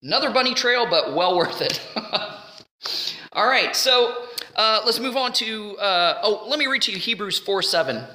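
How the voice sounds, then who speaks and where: A woman's voice: lowish voice, a little slow, bright, forceful tone, echoey room. A woman giving an earnest, conversational Bible teaching, at times rising into pleading.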